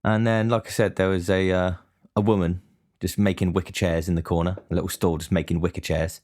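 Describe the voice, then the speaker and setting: Man, low voice, casual storyteller, sweary and deadpan. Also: brisk. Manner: rambling, sweary, deadpan complaining.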